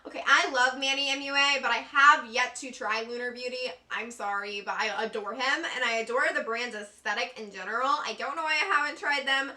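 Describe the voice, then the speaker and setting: A woman's voice: on the high side, brisk, hardly any pauses, bright, forceful tone, far from the mic. A young woman beauty vlogger gushing through a makeup unboxing. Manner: gushing, effusive, giggly. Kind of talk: excited unboxing vlog. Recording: echoey room, a bit off-mic.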